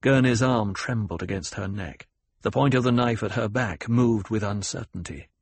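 A man narrating an audiobook in a measured, dramatic storytelling manner, with a husky voice. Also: on the low side, dry recording. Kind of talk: scripted narration.

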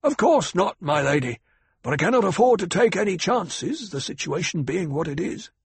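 Man playing a raspy older security chief, clipped, growling, defensive, husky, dry storybook. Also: high-pitched, very animated, moderate pace, no room sound, voice pushed up, heavily acted. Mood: stiff, defensive. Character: proud, prickly older male security chief. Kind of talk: audiobook character voice.

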